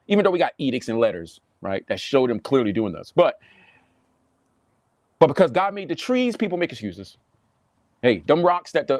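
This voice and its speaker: A Southern US preacher speaks to camera in a lively voice that leaps up and down in pitch. His pitch sits a little high for a man. He sounds dry and close, as if talking into a webcam on his desk. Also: no room sound. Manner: animated, preachy, mocking impressions, repeats himself. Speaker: pastor. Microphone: webcam or phone on a desk, livestream.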